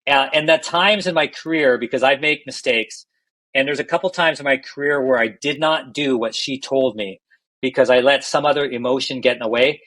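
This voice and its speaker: A man's voice: medium pitch, a little fast, a bit bright, poor audio. A middle-aged man, a healthcare executive, candidly telling stories in a podcast interview and often restarting his phrases.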